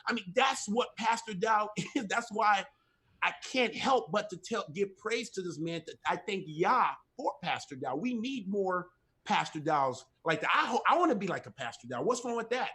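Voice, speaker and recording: A man's voice: sits high, expressive, normal speed, bright, forceful tone. A middle-aged man speaking from home as a guest on a ministry talk show, giving an impassioned testimony in an emphatic, repetitive, preacherly cadence.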